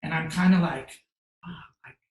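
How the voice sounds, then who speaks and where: Animated man telling a story in an echoey room. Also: a little high, normal speed. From United States. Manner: animated, acts out quoted dialogue. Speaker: guest photographer. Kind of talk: casual storytelling. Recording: roomy echo.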